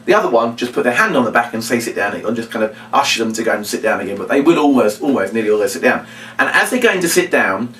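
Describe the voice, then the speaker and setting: Lively man explaining a kids' magic trick. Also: quick pace. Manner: animated, jumps into a high shouty kids'-show voice for demo lines. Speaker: children's entertainer teaching a magic routine. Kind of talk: instructional talk with acted-out patter. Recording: echoey room, mic at a distance.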